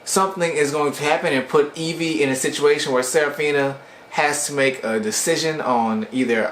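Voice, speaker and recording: A man casually recapping webcomic chapters for his channel, retelling scenes with slangy asides and quick voiced-out lines for the characters. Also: a little high, a bit bright, reverberant, slight background noise. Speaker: webcomic reviewer.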